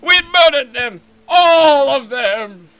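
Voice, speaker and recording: A man's voice: very high voice, lively intonation, slow, bright, forceful tone, pitched above the performer's own voice, exaggerated voice. A man voicing a cranky old fish-man advisor in a comedic game voice-over, ranting indignantly.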